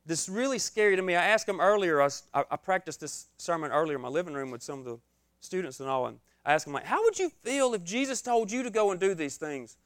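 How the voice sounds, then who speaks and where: Joking young preacher with a smooth voice. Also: male voice, high-pitched, expressive, fast, fairly bright tone, no room sound, clean studio sound. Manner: self-deprecating and joking, acts out his own reactions. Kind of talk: informal sermon.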